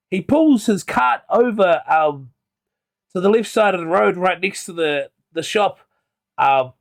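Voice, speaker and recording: A man with a high, gravelly voice running a tabletop game. He narrates slowly and halts often with fillers as he describes the scene to his players. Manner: halting, filler-heavy narration. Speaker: game master.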